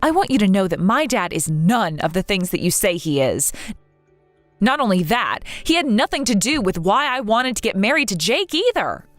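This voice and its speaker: A woman's voice: mid-range voice, very animated, moderate pace, dry recording, soft background music, close to an everyday voice. A woman voicing a grieving young wife in a text-message story, speaking earnestly, pleading and upset. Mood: hurt.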